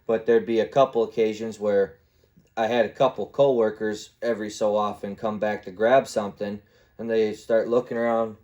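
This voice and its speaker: Low-voiced man rambling on his podcast. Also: level tone, moderate pace, dark tone, lo-fi sound. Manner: rambling storyteller who acts out little voices and sound effects. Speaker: podcast host. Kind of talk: casual solo podcast monologue.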